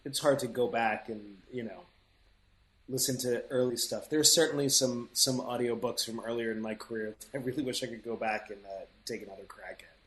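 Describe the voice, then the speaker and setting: A man in conversation about his narrating work, thinking aloud with lots of fillers and restarts. His voice sits in a middle pitch. The recording has a roomy echo around it. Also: fairly even intonation, a little fast, fairly bright tone. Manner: thoughtful, rambling, many fillers and restarts. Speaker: audiobook narrator and voice actor. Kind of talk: casual interview chat.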